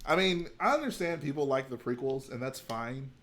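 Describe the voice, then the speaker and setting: A man hosts a livestream from home, chatting casually and thinking aloud while he builds. His medium-pitched voice is fairly bright, with lively intonation and a normal speed.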